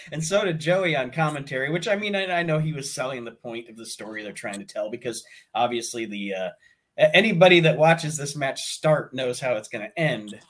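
A man's voice: mid-range voice, fairly bright tone. A man hosting a podcast, talking casually with fillers and chuckles. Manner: easygoing, chuckling, halting with fillers. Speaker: podcast host. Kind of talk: casual chat.

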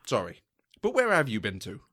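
A man's voice: lowish voice, wildly swooping pitch, brisk, a bit bright, heavily acted. A man reading as a plain-spoken, loyal hobbit servant in a fan reading, in an apologetic, homely manner. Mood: earnest.

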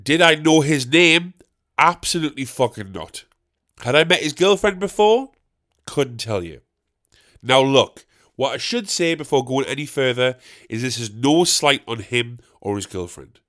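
A man's voice: medium pitch, animated, a little slow, fairly bright tone. A man hosting a podcast, telling a rambling comic story with lots of swearing and questions he asks himself, then answers. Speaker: podcast host.

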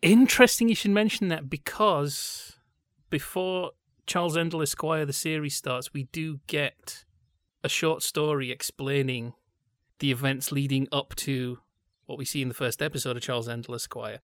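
Man, podcast co-host, discursive, mid pitch, close dry mic. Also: a bit bright, no echo. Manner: thoughtful, discursive, digressive.

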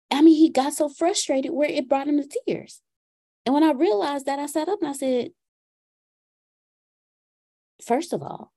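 Telling an anecdote at a moderate pace, a high, mellow-voiced podcast participant livens up the group call by voicing her son's words alongside her own. The storytelling is casual and animated.

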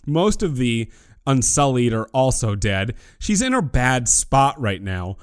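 A man's voice: mid-range voice, sing-song, measured pace, clear, resonant tone, dry recording, studio quality. A man co-hosting a casual podcast, joking and acting out characters' lines. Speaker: podcast co-host.

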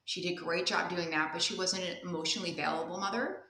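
A woman guest telling personal stories in a candid, animated way, laughing often during the interview. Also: on the low side, fast talker, echoey room, rough recording. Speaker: guest speaker and coach. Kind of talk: casual interview storytelling.

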